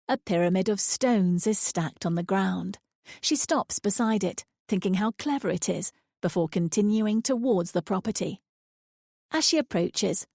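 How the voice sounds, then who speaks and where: Gravelly woman reading a thriller. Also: medium pitch, mellow, dry recording, studio quality. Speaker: audiobook narrator. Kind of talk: scripted thriller narration.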